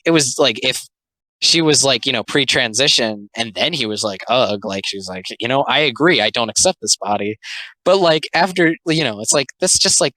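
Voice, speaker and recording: A sharp-toned, mid-range voice belongs to a young adult video commentator, recorded with no echo but rough quality. Casual and rambling, the comic commentary is full of "like" fillers, sarcastic asides, and brief mocking character voices.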